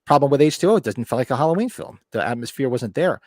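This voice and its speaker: A man's voice: medium pitch, quick pace, no room sound. Man in his fifties chatting, dry sound. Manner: relaxed, rambling, restarts sentences. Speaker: podcast host. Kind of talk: casual chat.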